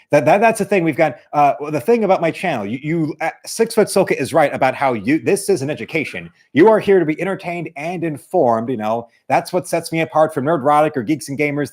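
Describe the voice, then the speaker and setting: A man's voice: medium pitch, a little mellow. Rambling man streaming casually. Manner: rambling, many restarts, mocking asides. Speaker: art streamer, channel host. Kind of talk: casual livestream chat.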